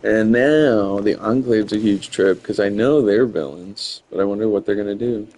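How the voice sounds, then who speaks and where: A man's voice: lowish voice, moderate pace, a little mellow, slight background noise, poor audio. A man streaming a game, chatting loosely with lots of fillers and rambling asides. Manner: rambling, many fillers, chuckling. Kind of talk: casual gameplay commentary.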